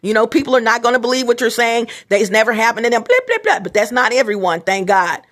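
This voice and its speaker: A middle-aged woman vlogs in a casual, rambling monologue, talking straight to her viewers, repeating herself and often restarting. Her voice is on the high side, steady in tone, fast and a bit bright.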